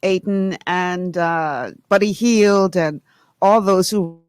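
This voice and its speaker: Talk radio, earnest, reflective, mid pitch, dry close sound. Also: takes it slowly, smooth, no room sound. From Bahamas. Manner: earnest and reflective, praising warmly. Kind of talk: talk radio open-line commentary.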